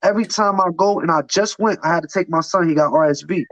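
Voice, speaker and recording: An interview guest tells his life story candidly, emphatic and profane, often repeating words as he restarts. His slightly high voice moves at a quick pace with a fairly bright tone. The recording is dry, with a dull lo-fi sound.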